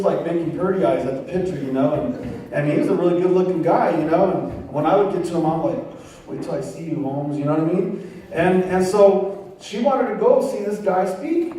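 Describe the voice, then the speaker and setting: High and mellow, a guest pastor's voice carries his sermon testimony in a church sanctuary, complete with performed voices and street slang. The distant mic captures echo, faint ambience and a little hiss or hum.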